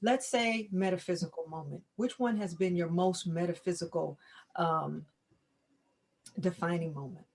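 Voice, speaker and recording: A woman podcast host with a lower voice, asking her guest questions in a casual conversation. Her replies are soft and encouraging. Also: moderate pace, slightly rough. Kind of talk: interviewing and casual chat.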